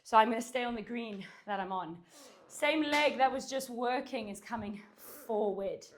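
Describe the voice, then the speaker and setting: A woman's voice: fairly high pitch, normal speed. Out of breath woman doing pilates and talking thru it, counting reps, sighing between moves, cam kinda far off. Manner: cueing and counting while exercising, with sighs and puffs. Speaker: Pilates instructor. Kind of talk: workout instruction. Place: home workout room. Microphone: far camera.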